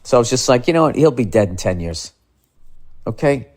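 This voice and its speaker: A man's voice: mid-range voice, big pitch swings, brisk, a little mellow. A man in his fifties ranting casually as a podcast host, profane and exasperated. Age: 50s. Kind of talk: casual comedic rant.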